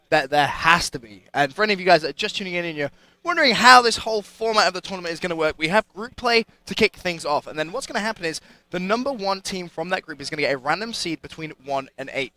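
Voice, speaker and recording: A man with a British accent who casts esports fast and builds hype with every line. His voice is a touch high, bright and forceful. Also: expressive. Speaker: esports caster. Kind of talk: live esports commentary.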